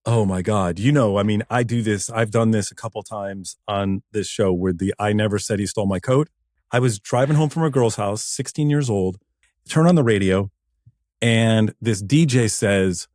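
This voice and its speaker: A man hosting a podcast, talking bluntly and excitedly, swearing freely in casual chat. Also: on the low side, moderate pace, no echo, clean studio sound. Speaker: podcast host.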